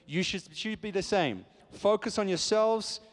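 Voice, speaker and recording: The high-pitched, lively voice belongs to a British actor on a fan convention panel, speaking at a measured pace. Playful and cheeky, he rambles and jokes with the crowd in an echoey hall.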